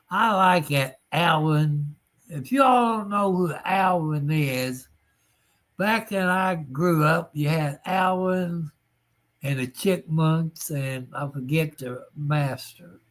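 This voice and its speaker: Very slow-talking man. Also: a little high, fairly bright tone. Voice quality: folksy, drawn-out delivery with frequent chuckles. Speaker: livestream host. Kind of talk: casual livestream chat.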